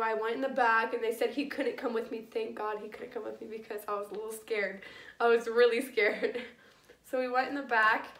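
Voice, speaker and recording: A woman's voice: on the high side, a bit bright. A young woman vlogger telling a personal story in a casual, rambling way, full of "like" and restarts, swearing freely. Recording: echoey room, a bit far from the mic.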